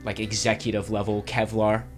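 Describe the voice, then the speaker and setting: A low-voiced man runs a tabletop game with easygoing narration. He voices characters now and then, and faint music plays under his talk. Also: moderate pace. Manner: lively, easygoing. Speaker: game master.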